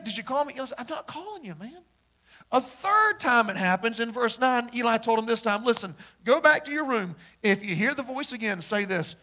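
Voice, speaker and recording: A man preaching a sermon as pastor, joking with the congregation and shouting out in bursts. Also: high-pitched.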